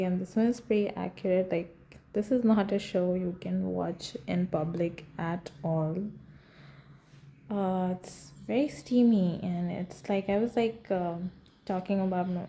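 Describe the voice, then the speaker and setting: A young woman hosting a podcast, chatting slowly and casually with lots of fillers, gushing over a show. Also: medium pitch, mellow, a little hiss or hum, low-quality recording. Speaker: podcast host. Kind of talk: casual fan reaction chat.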